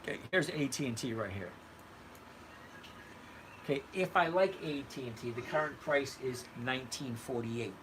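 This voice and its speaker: Here a retired older man chats casually on a trading livestream, going through live chat and addressing viewers by name with blunt, conversational replies. He speaks at normal speed in a mid-range voice, pausing often, with background noise present.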